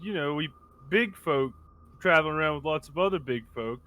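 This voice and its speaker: A man's voice: a little high, a little fast, pushed and bright. A man voicing his big, easygoing adventurer character, who talks in a friendly, rambling way.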